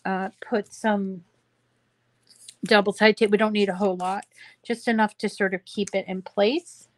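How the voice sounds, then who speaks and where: A woman's voice: mid-range voice, little pitch movement, a little slow, dry recording. A woman hosting a casual craft tutorial, chatting to her viewers in a rambling way with many fillers. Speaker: craft show host.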